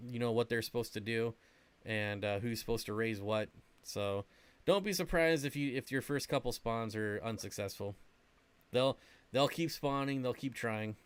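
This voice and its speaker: A man's voice: medium pitch, clean tone. Casual chatty man on a livestream. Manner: rambling, chatty, reading and answering chat. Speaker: aquarium channel host.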